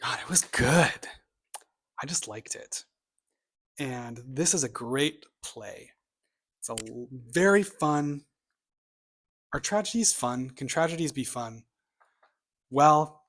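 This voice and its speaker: A man's voice: medium pitch, slow pace, long pauses, a bit bright. A man chats casually through his bookshelf in a mid-range voice. He is opinionated and rambling, tossing in offhand asides and sometimes dropping to a mutter for side remarks. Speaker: booktube vlogger.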